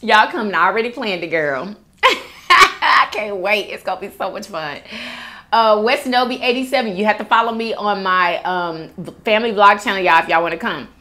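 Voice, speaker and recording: A woman's voice: mid-range voice, a little fast, bright, forceful tone. A young woman hosting a food vlog, chatting casually to viewers and calling them girl and y'all. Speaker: mukbang host. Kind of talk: casual chat reading viewer comments.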